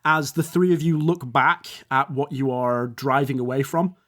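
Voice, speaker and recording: A man's voice: mid-range voice, normal speed, a bit bright. A man narrating as game master, rambling and descriptive with fillers.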